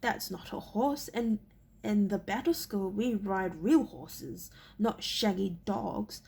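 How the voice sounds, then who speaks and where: A woman reading aloud, voicing a boastful, bullying teenage boy who is training as a warrior, in a louder, sneering tone. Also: mid-range voice, slow pace, vocal fry, breathy edge, heavily acted. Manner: sneering, louder than the narration.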